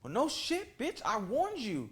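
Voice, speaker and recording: A man with a high voice records a casual storytime at home, speaking to his camera and his fans. He swears freely and drops into the voices of the people he talks about. His pitch swings up and down a lot as he goes. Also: wildly swooping pitch, unhurried, noisy background. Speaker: storytime vlogger. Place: at home, indoor room with lights rigged. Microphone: camera mic.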